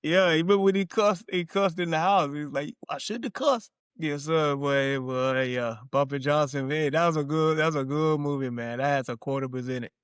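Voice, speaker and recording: A man's voice: on the high side, fairly even intonation, moderate pace, few pauses, smooth, no room sound. A man co-hosting a casual chat about movies, agreeable and chiming in with short replies. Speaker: podcast co-host. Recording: dry close sound with faint guitar music.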